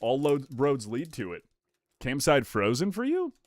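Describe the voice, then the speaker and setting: A young man live-streaming, chatting casually with his viewers while opening trading card packs. He is excitable and animated, swears casually and reads the chat aloud. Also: mid-range voice, measured pace, dry recording.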